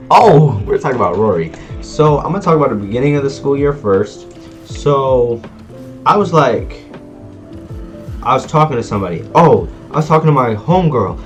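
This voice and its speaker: A teenage boy telling a school drama story in a casual vlog, animated and slangy, acting out quoted lines. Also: lowish voice. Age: teens. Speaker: vlogger.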